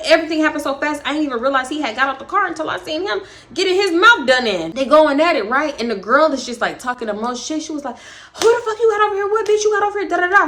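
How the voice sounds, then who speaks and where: A young woman telling a wild story on her vlog, high-pitched and bright. She is profane and animated, with frequent laughter. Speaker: vlogger, storytime host.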